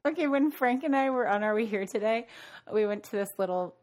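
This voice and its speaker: A woman's voice: a little high, darkish tone. A woman co-hosting a radio music show, telling stories in chatty, laughing casual talk. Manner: chatty storyteller, quick to laugh. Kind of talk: casual on-air chat.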